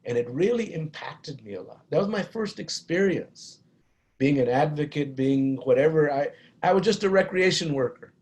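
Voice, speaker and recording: A middle-aged man with a Chicano East Los Angeles accent, telling a personal story in a talk, earnest and halting, with many restarts and Spanish phrases. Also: fairly high pitch, lively intonation, darkish tone. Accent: Chicano English from East Los Angeles. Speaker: guest speaker on violence prevention.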